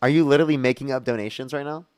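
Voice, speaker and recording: A man's voice: medium pitch, fairly even intonation, very fast, a little mellow, clean tone. A young man hosting a live political debate stream, combative and profane, rattling off thanks to donors. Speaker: streamer host debating guests. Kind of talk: heated live debate and donation shout-outs.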